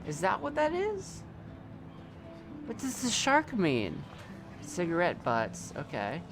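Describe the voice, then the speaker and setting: A man's voice: high voice, huge pitch swings, takes it slowly, music in the background. A young man streaming a video game live, rambling casually and talking back at the screen and his chat. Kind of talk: live gameplay commentary.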